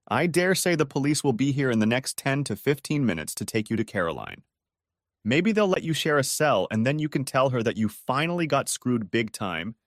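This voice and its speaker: Guy reading a story audiobook, cold and scornful, mid pitch, dry close recording. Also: dry recording. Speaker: narrator. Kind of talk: first-person audiobook narration.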